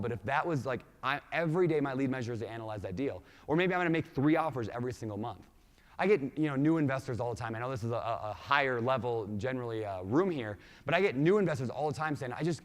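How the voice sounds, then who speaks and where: A man with an accent mixing Minnesota, Washington and Hawaii gives an energetic keynote talk, quizzing the audience with questions. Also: medium pitch. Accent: mixed Minnesota, Washington and Hawaii. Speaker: conference speaker. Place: large conference hall. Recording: reverberant conference hall.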